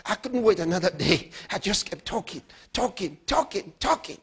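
Husky high-voiced male preacher. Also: animated, moderate pace. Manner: emphatic, swinging between loud outbursts and low storytelling. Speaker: pastor. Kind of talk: sermon.

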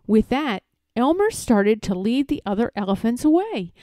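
A woman reading a children's picture book aloud in a gentle, expressive way. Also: fairly high pitch, moderate pace, no room sound, studio quality. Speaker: storybook reader.

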